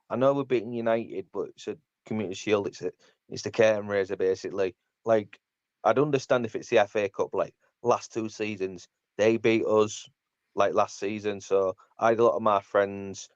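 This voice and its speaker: A man's voice: lowish voice, a little mellow, clean tone, no echo, dull audio. A man hosting a casual football podcast, blunt and mocking as he rants. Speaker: podcast host.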